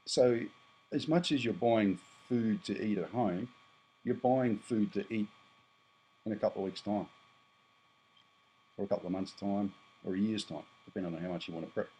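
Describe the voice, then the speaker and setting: A man's voice: lowish voice, normal speed, pauses often, warm tone, slightly rough, rough recording. Blunt rambling Australian man in his fifties. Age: 50s. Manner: blunt, rambling, self-correcting. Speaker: prepper vlogger. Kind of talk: casual monologue to camera.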